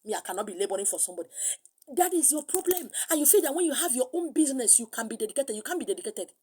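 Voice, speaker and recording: A middle-aged woman with a Nigerian accent preaching a sermon, animated, slipping into pidgin and acting out other voices. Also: high-pitched, rapid-fire, slight background noise. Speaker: spiritual teacher.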